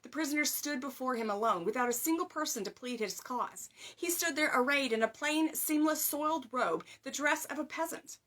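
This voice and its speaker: A woman with a bright, slightly high voice reads a story aloud. She is expressive, dropping to a hush for quiet moments and rising for loud ones. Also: moderate pace, few pauses. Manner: expressive, raises voice for crowd shouts, hushed for quiet lines. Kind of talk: reading a book aloud.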